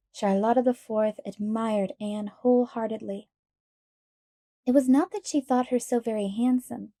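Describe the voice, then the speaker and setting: A woman narrating an audiobook in a calm, measured storytelling manner. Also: a little high, no room sound, studio quality.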